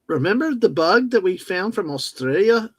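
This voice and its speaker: A jokey man co-hosting a livestream from home, rambling along and reading chat aloud. His voice sits a little high for a man, and the sound is dry and close, with no room around it. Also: big pitch swings, normal speed, breathy edge, no room sound. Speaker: livestream co-host.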